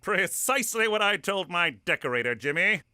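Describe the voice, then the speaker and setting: A man's voice: high-pitched, expressive, sharp tone, clean tone, full character voice. A man voicing a fussy, prim cartoon homeowner who reels off strict house rules. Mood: prissy. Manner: prissy, fastidious.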